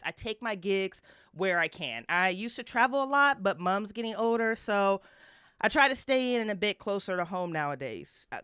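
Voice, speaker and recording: A woman playing in a tabletop game, chatting and exclaiming in an animated way. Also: on the low side, clear, resonant tone, no echo, clean studio sound. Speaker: player. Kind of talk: casual chat at a game table.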